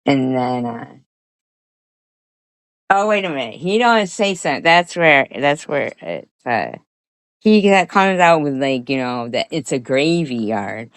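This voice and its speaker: Woman, very low voice, dry close sound, rambling, swears, casual vlog. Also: expressive, a little slow, dry recording. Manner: rambling, swears, laughs often. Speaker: vlogger. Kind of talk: casual rambling story to camera.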